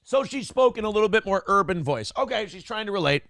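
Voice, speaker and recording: A man's voice: high voice, lively intonation, fast talker, fairly bright tone, dry recording. A male morning show host giving sarcastic, crude commentary and reading viewer chat aloud. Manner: crude, sarcastic, swears freely. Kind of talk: casual live-stream commentary.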